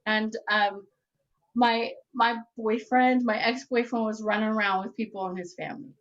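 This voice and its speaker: Woman, personal storyteller, candid and rambling, fairly high voice, slightly dull recording. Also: fairly even intonation, moderate pace, a bit bright. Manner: candid, rambling, self-correcting with fillers.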